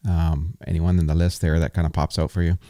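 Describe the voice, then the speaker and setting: A man hosting a podcast interview, asking questions in a relaxed, chatty way. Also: low voice, fairly quick, no echo, clean studio sound. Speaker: podcast host. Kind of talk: casual interview chat.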